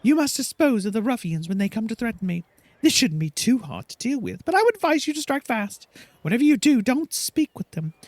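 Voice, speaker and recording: Brief: high, imperious diva woman, lively and condescending, as a male player puts her on. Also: brisk, no room sound, full character voice. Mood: haughty. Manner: condescending, bossy. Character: haughty vain female actress, imperious.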